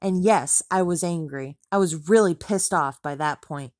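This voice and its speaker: A woman's voice: on the low side, normal speed, darkish tone, no room sound, clean studio sound, natural voice. A woman reading an audiobook, voicing an angry, exasperated man who snaps at his ex-wife. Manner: furious, exasperated, snapping.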